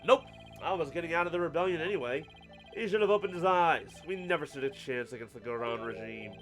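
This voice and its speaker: A man's voice: a little high, quick pace, a bit bright, soft background music, natural voice. A man voicing a cocky, evasive young male rebel in a video game, with a casual, dismissive drawl. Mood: defiant. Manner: casual, dismissive drawl, talks with mouth full.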